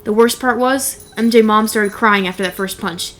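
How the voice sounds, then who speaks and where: A woman's voice: mid-range voice, fairly even intonation, moderate pace. A young woman narrating a first-person horror story in a wry, blunt, casually profane way.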